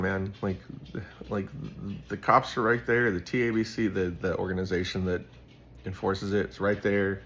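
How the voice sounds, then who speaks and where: A young man with a low, fairly even, slightly bright voice hosts a casual Bible devotional at a moderate pace, with slight background noise. His storytelling rambles, packed with fillers and "like."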